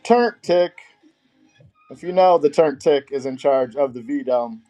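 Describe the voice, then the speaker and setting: A man's voice: medium pitch, unhurried, dark tone. A man hosting a live-stream auction, greeting viewers by name and rattling off card names.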